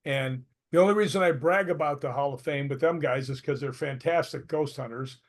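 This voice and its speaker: A man with a medium-pitched, brisk voice appears as a guest in a casual interview. A paranormal investigator, he tells anecdotes in a chatty way and laughs often.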